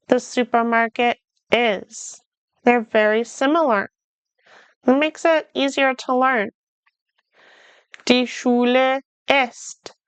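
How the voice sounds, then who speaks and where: A woman teaching a beginner German lesson, slowly repeating words and phrases with careful enunciation. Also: a little high, fairly bright tone, clear, resonant tone, dry recording. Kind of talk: slow beginner language lesson.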